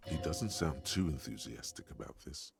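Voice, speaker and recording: An actor playing a solemn male narrator in a video game, describing the scene in a measured way. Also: extremely low pitch, lively intonation, vocal fry, heavily acted. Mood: grave.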